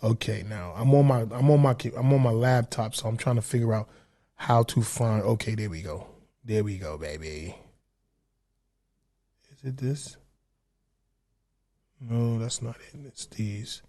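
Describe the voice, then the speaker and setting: A man's voice: medium pitch, a little slow, long pauses, mellow. A man hosting a casual podcast livestream, ranting in a profane, heated, rambling way. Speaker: podcast host.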